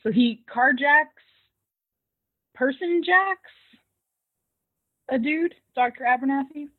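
A woman's voice: high voice, slow. A woman co-hosting a casual recap chat, talkative and laughing often, acting out quoted lines. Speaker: podcast co-host recapping a TV episode. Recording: tinny phone-like sound.

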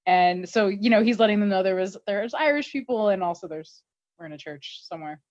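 A woman retells a story in a loose, chatty podcast manner, full of fillers and quick laughs. Her voice sits at an ordinary middle pitch. The sound is dry and a little dull, with no room echo. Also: a little mellow. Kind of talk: casual episode recap. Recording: dull, slightly muffled dry audio.

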